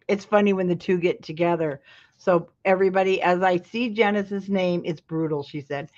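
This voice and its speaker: A woman's voice: on the low side, moderate pace, darkish tone, dull audio. A woman from Utah hosting a live craft tutorial, talking viewers through each step in a chatty way and breaking off into asides. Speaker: craft show host.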